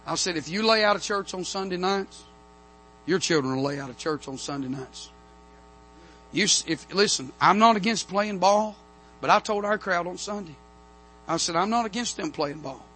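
A preacher in a church sanctuary, his voice pitched a bit high and ringing bright. He tells a story, then builds to loud, emphatic amens. A faint mains hum sits underneath. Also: moderate pace, pauses often. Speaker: pastor. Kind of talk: revival sermon.

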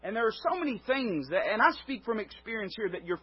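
A man preaching with a fairly high, husky voice. He presses hard on his points, rising loud and then falling quiet. The recording is dull and lo-fi. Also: big pitch swings, fast. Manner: emphatic, swelling and dropping in volume. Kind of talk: sermon.

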